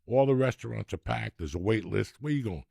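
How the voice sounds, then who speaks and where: A man's voice: fairly low pitch, brisk, vocal fry, dry recording, studio quality. A man, telling rambling, profane comic stories as a podcast host. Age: 60s. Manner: profane, rambling, animated storyteller. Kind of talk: storytelling comedy rant.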